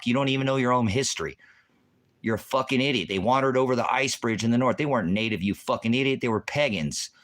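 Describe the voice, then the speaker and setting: A man's voice: mid-range voice, fairly bright tone. Profane, combative man ranting. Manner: profane, combative, berating commenters. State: agitated. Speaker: livestream host answering chat. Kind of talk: heated livestream rant.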